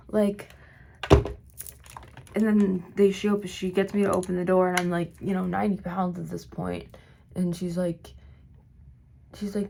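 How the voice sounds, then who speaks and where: Woman doing her makeup on camera, kinda hoarse, lots of likes and restarts, low-ish voice. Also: little pitch movement, measured pace, pauses often, dark tone, slight background noise. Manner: rambling, filler-heavy storytelling. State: slightly hoarse. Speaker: vlogger. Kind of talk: get-ready-with-me storytime.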